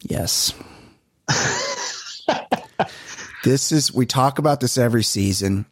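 A man co-hosting a podcast, telling stories in casual chat with animated, exasperated swearing. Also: mid-range voice, slow, slightly rough. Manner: animated, profane, exasperated storytelling. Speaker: podcast co-host.

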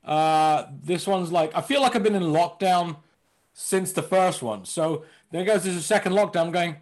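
A comedian guest chatting playfully over a video call, rambling and laughing often. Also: male voice, sits high, normal speed. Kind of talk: casual comedic chat.

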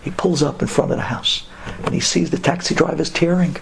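A man telling a story to an audience, animated and addressing his listeners directly. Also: fairly high pitch, brisk, vocal fry, background noise. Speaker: speaker.

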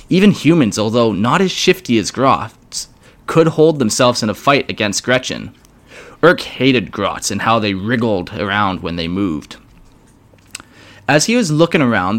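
A man casually reading a fantasy fan story aloud, with wry, joking asides. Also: fairly low pitch. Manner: lively, wry asides with swearing. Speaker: story reader.

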